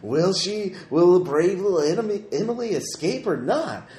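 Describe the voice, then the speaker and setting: A man's voice: sits high, animated, moderate pace, dark tone, voice pushed up. Brief: sing-song, eerie pirate puppet host, played by a man, from an echoey room. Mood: taunting showman. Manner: sing-song, showman-like announcing. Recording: echoey room, faint noise.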